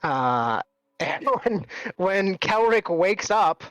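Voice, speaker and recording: A man's voice: sits high, very animated, drawn-out words, a bit bright, clear, resonant tone, no echo. A man running a tabletop game as game master, narrating casually with many fillers. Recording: dull, dry recording.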